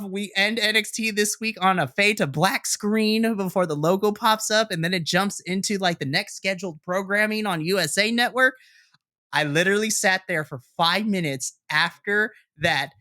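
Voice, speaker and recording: A young man co-hosting a wrestling podcast, recapping a show as an excitable storyteller who swears and acts out reactions. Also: high-pitched, no echo, clean studio sound. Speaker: podcast co-host.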